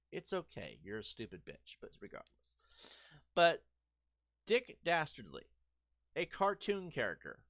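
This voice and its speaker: A man's voice: fairly high pitch, fairly bright tone, dry recording, studio quality. Profane, combative male gaming streamer. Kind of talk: casual rant over gameplay.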